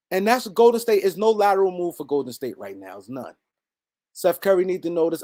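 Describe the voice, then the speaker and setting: A man's voice: high voice, animated, brisk, a little mellow. A man hosting a heated solo sports commentary, repeating his points for emphasis and talking straight at absent players.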